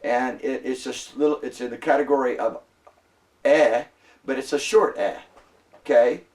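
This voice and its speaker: A man's voice: medium pitch, fairly even intonation, moderate pace, a little mellow, recorded from a distance. A man lecturing a classroom as a Hebrew instructor, patient and repetitive, often prompting the students to answer.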